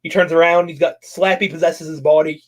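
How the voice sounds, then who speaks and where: A man's voice: a little high, level tone, a little fast. A man talking as a guest on a casual horror podcast, an enthusiastic fan who swears and trails off with fillers.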